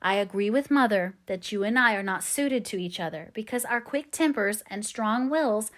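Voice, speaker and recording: A woman's voice: medium pitch, expressive, moderate pace, lightly acted. A woman voicing a spirited young woman who speaks earnestly and firmly in an audiobook reading. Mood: earnest, remorseful. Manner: earnest, gently firm.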